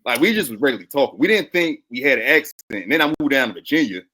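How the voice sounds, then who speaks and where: Man, young, Maryland accent, blunt, profane, animated. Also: mid-range voice, very fast. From Maryland, USA. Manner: blunt, profane, laughs often. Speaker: podcast guest. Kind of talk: casual chat.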